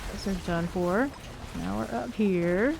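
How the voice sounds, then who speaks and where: A woman's voice: mid-range voice, slow, creaky, noisy background. A woman streaming a game live, thinking aloud and calling out enemies as they appear. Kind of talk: live gameplay commentary.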